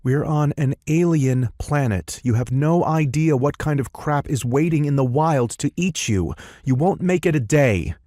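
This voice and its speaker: A man's voice: fairly high pitch, unhurried, hardly any pauses, mellow, no echo, studio quality, pitched above the performer's own voice, natural voice. A man voicing a sarcastic raven-haired young woman in an audiobook, scoffing at the others.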